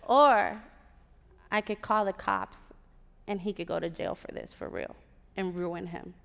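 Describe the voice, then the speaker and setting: A woman's voice: on the low side, measured pace, vocal fry, long pauses. Sassy Puerto Rican-born woman telling a story on stage. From Puerto Rico. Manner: animated, sassy asides to the audience. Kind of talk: live storytelling performance. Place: large theater stage. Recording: live theater with long reverb.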